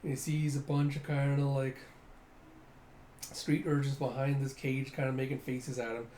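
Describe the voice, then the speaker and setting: Animated man reading a comic aloud. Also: mid-range voice, normal speed. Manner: animated, describes panels and acts out lines. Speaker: reader of a comic. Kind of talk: casual comic readthrough. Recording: roomy echo, faint noise.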